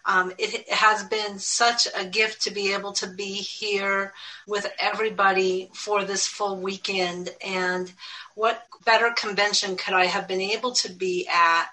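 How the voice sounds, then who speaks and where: A woman giving a banquet speech from a room in her house, warm and grateful in tone. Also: medium pitch, little pitch movement, measured pace, poor audio. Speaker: keynote banquet speaker. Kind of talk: formal speech opening.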